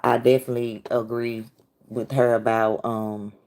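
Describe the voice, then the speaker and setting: A woman's voice: extremely low pitch, little pitch movement, normal speed, darkish tone. A woman hosting a casual livestream, talking bluntly and answering her chat directly. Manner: blunt, talks back to chat. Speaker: livestream host.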